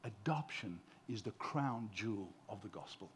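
A man in his forties preaching a sermon as a pastor, impassioned, dropping from loud emphasis to hushed tenderness and repeating words as he builds a point. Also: lowish voice, lively intonation, moderate pace, background noise.

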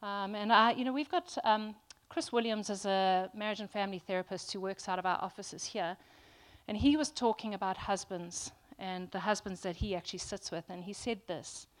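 A woman delivers a sermon to a congregation. She speaks earnestly and stresses her points, often stopping to restart with an um. Her voice sits at an ordinary middle pitch. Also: moderate pace. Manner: earnest, emphatic, with frequent ums and restarts. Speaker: preacher.

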